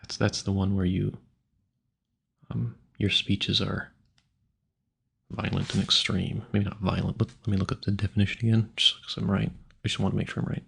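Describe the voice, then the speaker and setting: A man's voice: on the low side, level tone, moderate pace, gravelly, long pauses, slightly rough. A man rambling casually at a home mic, musing aloud and stumbling over hard words he sounds out. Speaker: audio creator.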